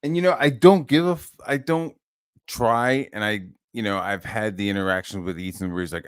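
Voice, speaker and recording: A man's voice: lowish voice, normal speed, smooth, dry recording, studio quality. A man hosting a casual podcast chat, rambling and frustrated, with a lot of swearing. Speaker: channel host.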